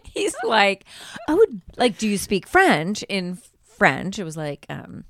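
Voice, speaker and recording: A woman's voice: medium pitch, huge pitch swings, slow, a bit bright, dry recording. A woman co-hosting a podcast, telling a story in casual chat and acting out what people said, with a lot of swearing. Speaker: podcast co-host.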